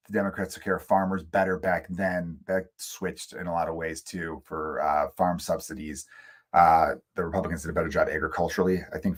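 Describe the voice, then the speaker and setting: A middle-aged man with a low, husky voice hosts his own comedy podcast from a room at home. He rambles through his opinions in a casual rant, swearing freely.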